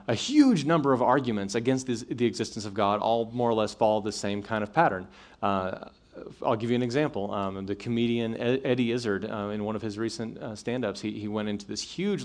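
A man's voice: on the low side, brisk. A man giving a conversational talk to college students, with many fillers and restarts, checking in with his listeners. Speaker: speaker addressing college students. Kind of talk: apologetics talk to a live audience.

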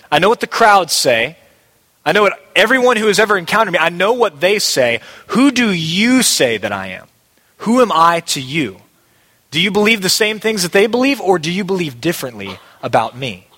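A male pastor with a fairly high, sharp voice preaches a sermon, emphatic and repeating key phrases to give them weight. Long hall reverb colors the recording.

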